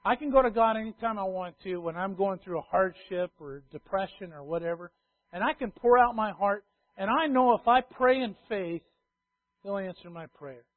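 A man preaching a sermon in an emphatic way, repeating key phrases and swinging between loud declarations and hushed asides. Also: high voice, normal speed, dry recording. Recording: tinny phone-like sound.

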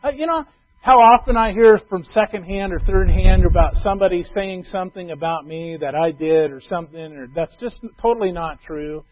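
A middle-aged man preaches to his congregation in a high, light voice. He is loud and emphatic one moment and drops to a soft aside the next. The sound is thin and tinny, as if it came down a phone line. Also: a little fast. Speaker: pastor. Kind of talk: sermon.

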